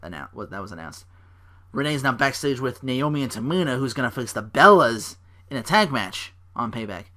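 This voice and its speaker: A man hosting a casual podcast, recapping wrestling shows and acting out the wrestlers' lines in raised, louder voices. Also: medium pitch, sing-song, a little fast. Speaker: podcast host.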